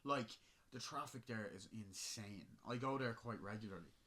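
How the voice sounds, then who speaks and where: A man's voice: on the low side, normal speed, fairly bright tone. Swearing Irish man telling a story. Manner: rambling, swears a lot, laughs at his own story. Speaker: podcast host. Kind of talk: casual storytelling chat.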